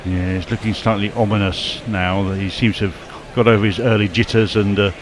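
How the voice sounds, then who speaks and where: A man's voice: on the low side, fairly even intonation, a little fast, noisy background. A man giving cricket analysis as co-commentator, thoughtful and hesitant. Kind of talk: expert summarising.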